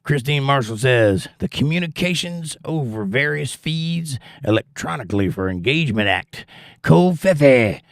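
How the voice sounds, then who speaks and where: A man's voice: medium pitch, creaky, no room sound, clean studio sound. A man from Georgia hosting a livestream, reading viewer comments aloud and telling jokey stories in a folksy way. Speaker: livestream host reading chat. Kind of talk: casual chat.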